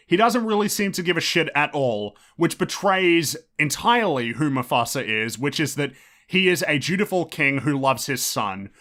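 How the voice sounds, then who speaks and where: A man's voice: on the high side, pushed and bright. A man hosting his own show, talking through a casual commentary monologue with lots of restarts and offhand swearing. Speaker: podcast host.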